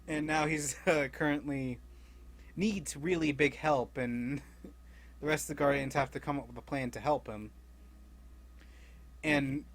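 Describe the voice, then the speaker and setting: Young man, rambling comic recapper, slightly high voice, loose and chatty, quick laughs. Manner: rambling, laughs often, acts out characters' lines loosely. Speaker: comic book recap creator.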